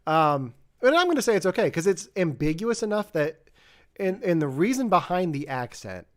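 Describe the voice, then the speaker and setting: A man's voice: sits high, normal speed. A man co-hosting a film podcast, talking in a loose, rambling way with frequent restarts. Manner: rambling, self-correcting, animated asides. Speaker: podcast co-host. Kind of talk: casual chat.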